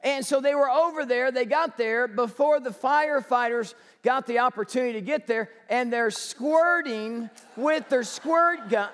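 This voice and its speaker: A man preaching a sermon as pastor, telling stories with animated energy and rising to shouts. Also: extremely high pitch, measured pace, hardly any pauses, big-room sound.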